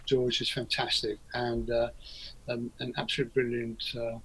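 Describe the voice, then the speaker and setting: A man's voice: medium pitch, completely flat delivery, moderate pace, a bit bright, husky, poor audio. A man, a guest in a casual interview, talking in a rambling, hesitant way with many fillers and restarts. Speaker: interview guest, record producer.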